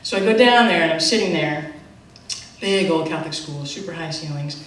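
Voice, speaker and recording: A middle-aged woman telling a live personal story on stage, animated and self-mocking, with quick asides. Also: sits low. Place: theater stage. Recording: echoey theater from far off.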